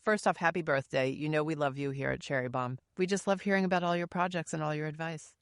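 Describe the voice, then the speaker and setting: A woman's voice: low voice, steady tone, fast, clear, resonant tone, no room sound, clean studio sound. Chatty Staten Island woman hosting. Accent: Staten Island New York. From Staten Island, New York. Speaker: podcast host. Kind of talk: casual interview chat. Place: recording studio.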